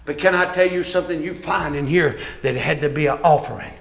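A man preacher delivering a fiery revival sermon, shouting and punctuating his lines with "hey". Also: fairly high pitch, fast talker, creaky, hardly any pauses. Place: church. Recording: echoey church with noise.

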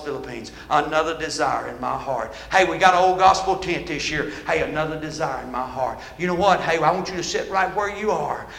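An older preacher delivers a folksy revival sermon in a high, bright voice, shouting and pulling amens out of the congregation. The church room around him rings with echo. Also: male voice, gravelly. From American mountain South. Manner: folksy, shouting, call-and-response. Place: church sanctuary.

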